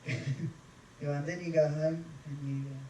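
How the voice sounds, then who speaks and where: A cruise ship entertainer on a live stage, bantering and teasing the crowd with self-mocking jokes. His high voice carries through an echoey room, picked up from some way off the mic with the band close by. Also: little pitch movement, moderate pace, mellow, distant mic, a little hiss or hum. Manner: chatty, self-mocking jokes between songs.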